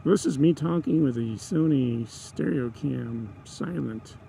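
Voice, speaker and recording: A man's voice: mid-range voice, slow, vocal fry, warm tone. A man vlogging from a motorcycle, rambling with many fillers and restarts and a sarcastic edge, recorded on a lavalier mic inside his helmet. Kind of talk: rambling casual vlog. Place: riding a motorcycle outdoors. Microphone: stereo lavalier inside a helmet. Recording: wind and engine noise.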